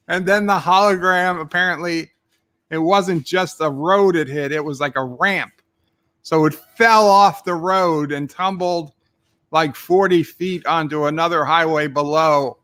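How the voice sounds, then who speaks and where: Man, streamer, bright forceful voice, somewhat high, rambling storyteller, swears. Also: measured pace, clear, resonant tone. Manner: rambling, swears, acts out his own lines in the story. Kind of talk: casual dream retelling.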